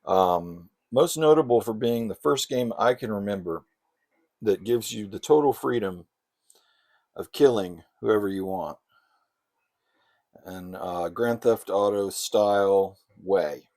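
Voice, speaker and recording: A man giving casual, sarcastic commentary while playing old console games, with loud outbursts. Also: on the low side, slow pace. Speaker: gamer.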